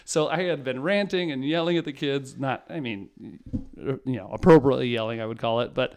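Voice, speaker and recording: Man, forties, smooth resonant voice, casual storytelling, rambling, self-mocking. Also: mid-range voice, brisk. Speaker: podcast guest.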